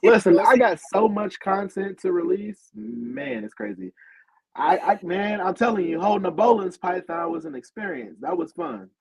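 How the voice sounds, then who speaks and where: A man's voice: high voice, moderate pace, vocal fry, crowd noise, poor audio. A man co-hosting a podcast in casual chat, joking with easygoing trash talk. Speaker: podcast co-host.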